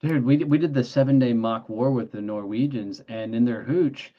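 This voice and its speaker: Middle-aged man, ex-Marine guest, rough lively storyteller, muffled lo-fi audio. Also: mid-range voice, moderate pace. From Texas. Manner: animated storyteller who acts out dialogue, salty language. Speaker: guest, entrepreneur and former Marine. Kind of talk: casual storytelling interview. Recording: dull lo-fi sound.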